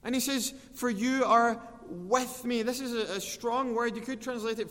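A man preaching a sermon to his congregation, earnest, slowing and swelling as he quotes scripture. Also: very high voice, fairly bright tone, long reverb tail. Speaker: pastor.

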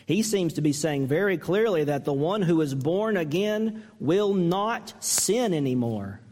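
A male pastor preaching with earnest emphasis and a fairly high voice. He presses the congregation with pointed questions and lets his pitch climb when he mimics a harsh reading. The sound carries a long reverb, as in a church hall. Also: animated, a little slow, few pauses, a little mellow. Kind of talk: sermon.

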